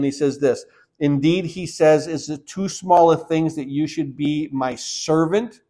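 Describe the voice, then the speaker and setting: A man preaching a sermon, reading Bible verses aloud and explaining them, growing louder on key verses and dropping low to close a point. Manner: reads scripture aloud then explains it, with fillers and repeats. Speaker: pastor.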